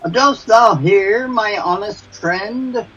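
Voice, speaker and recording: A polite, pleading officer, read by a man in a high, husky voice. He speaks slowly over dull video call audio. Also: a bit bright, faint music behind, heavily acted. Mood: courteous.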